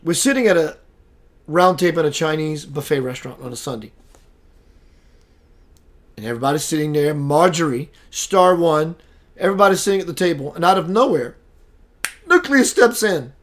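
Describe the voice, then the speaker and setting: Animated high-voiced man hosting a live show. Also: brisk, long pauses. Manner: animated storyteller, acts out quoted voices, reads out viewer names. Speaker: spiritual talk show host. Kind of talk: casual live-stream monologue.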